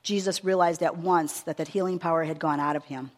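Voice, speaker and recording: A woman preacher giving a sermon with a long scripture reading, earnest and measured, stressing her words as she reads aloud. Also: low voice, steady tone. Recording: long reverb of a hall.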